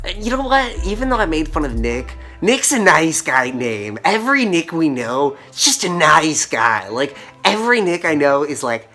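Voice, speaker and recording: A man's voice: on the high side, sing-song, normal speed, hardly any pauses, pushed and bright, soft background music. Slangy young man ranting to camera. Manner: slangy, filler-heavy, mocking. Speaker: vlogger. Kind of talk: casual rant to camera.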